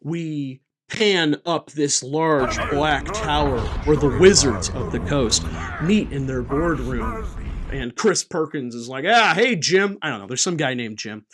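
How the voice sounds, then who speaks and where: A man hosting his own channel, talking in a playful, jokey, animated way as a game designer. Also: medium pitch. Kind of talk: comedic casual vlog.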